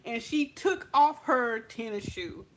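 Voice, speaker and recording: A young woman from California telling a story in a casual, animated way, acting out what her friends said. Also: on the high side, slow pace, slight background noise. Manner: animated, acts out friends' lines. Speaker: makeup vlogger telling a story.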